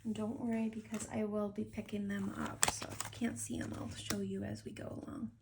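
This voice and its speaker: A woman's voice: mid-range voice, level tone, a little fast, vocal fry, noisy background. A woman giving a tarot card reading to camera, talking in a gushing, affectionate way.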